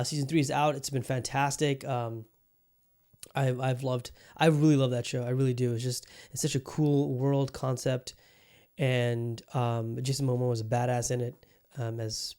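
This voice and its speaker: A man's voice: medium pitch, warm tone. A man hosting a podcast, chatting casually about television in a rambling, enthusiastic way, with frequent restarts and casual swearing. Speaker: podcast host. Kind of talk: casual review chat.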